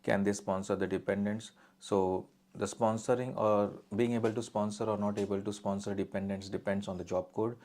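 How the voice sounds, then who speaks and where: Man, live Q&A adviser, very deep, monotone delivery, plain and direct. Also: normal speed, hardly any pauses, a little hiss or hum. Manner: direct, reads out questions then answers plainly. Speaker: immigration adviser answering viewer questions. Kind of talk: live-stream Q&A.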